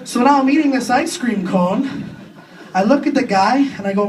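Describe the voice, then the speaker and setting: A young Canadian man doing a crude, self-deprecating stand-up comedy set on a club stage, with quick impressions between punchlines. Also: extremely high pitch. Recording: distant club recording with faint room noise.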